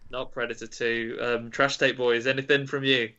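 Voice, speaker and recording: A man running a casual podcast quiz, reading each clue out deliberately and dropping teasing hints. His voice is bright and forward. It comes through a dull, lo-fi call line. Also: mid-range voice, little pitch movement. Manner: reads clues slowly, teasing hints. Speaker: quiz master. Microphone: video call.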